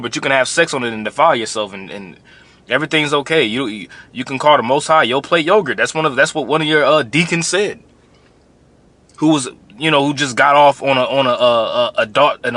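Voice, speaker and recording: A man preaching straight to the people he is answering. His voice is bright and forceful, and his tone is blunt and confrontational. He repeats phrases often as he drives each point home. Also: mid-range voice, no room sound. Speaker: religious commentator. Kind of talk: preaching commentary.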